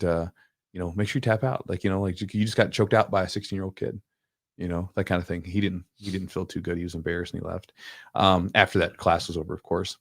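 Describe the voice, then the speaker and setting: A man hosting a podcast, telling coaching stories in a casual, animated way. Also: low-pitched, gravelly, no echo, studio quality. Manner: animated storyteller, quick, acts out quotes. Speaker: podcast host, jiu-jitsu coach. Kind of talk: casual storytelling chat.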